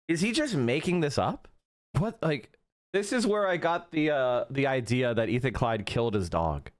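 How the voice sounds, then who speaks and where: A man's voice: mid-range voice, lively intonation, moderate pace. A man hosting a stream, giving heated, mocking reaction commentary full of swearing. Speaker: stream host reacting to clips.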